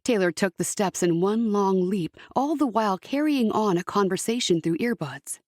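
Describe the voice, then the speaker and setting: Woman reading audiobook, calm steady narration, dry booth. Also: mid-range voice, normal speed, dry recording. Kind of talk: scripted narration.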